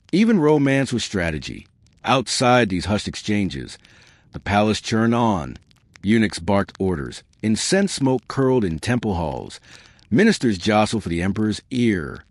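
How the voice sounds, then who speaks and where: A man calmly narrating a slow bedtime history story, speaking softly and directly to the listener. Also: on the low side, no echo. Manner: calm, soothing, addresses the listener directly.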